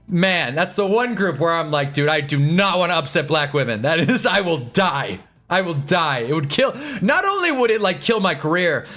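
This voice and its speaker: A young man with a Midwestern American accent hosting a live stream, telling a dating story in an animated, laughing way and breaking off for quick remarks on the game. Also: on the high side. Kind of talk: casual storytelling while watching football.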